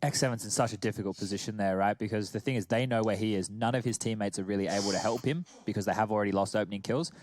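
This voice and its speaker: A man's voice: on the low side, fairly even intonation, rapid-fire, hardly any pauses, a little mellow, a little hiss or hum. A man explaining plays as an esports analyst, often asking for agreement. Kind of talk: analytical commentary.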